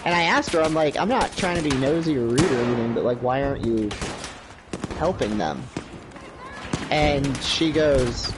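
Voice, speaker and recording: Animated man telling a story over gunfire. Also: medium pitch, moderate pace. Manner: animated storyteller, acts out quoted voices. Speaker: livestream co-host. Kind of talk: casual storytelling chat. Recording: noisy gameplay audio behind. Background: gunfire from a video game.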